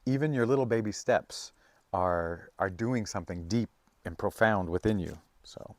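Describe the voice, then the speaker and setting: A man giving a casual, rambling tarot reading, full of fillers and restarts, now and then breaking into high, playful bursts. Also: moderate pace, no room sound. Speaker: tarot reader.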